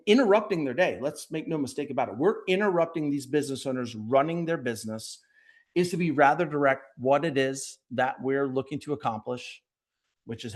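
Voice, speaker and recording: A man being interviewed on a podcast, speaking directly and energetically, often acting out quick bits of sales dialogue. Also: on the high side. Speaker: podcast guest, sales leader. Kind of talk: conversational interview.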